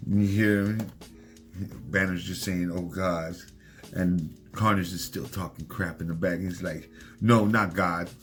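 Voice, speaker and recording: A man with a fairly low voice talks through a comic issue in a loose, excited way. He keeps slipping into the characters' lines as he retells each scene. Soft music plays underneath. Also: unhurried. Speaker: comic book reviewer. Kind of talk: casual comic recap.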